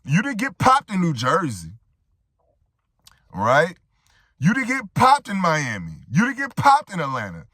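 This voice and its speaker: A man's voice: high voice, wildly swooping pitch, unhurried, long pauses, pushed and bright, breathy edge, dry recording, clean studio sound. A man giving a reaction commentary monologue, making rhetorical points and often tagging them with "right?".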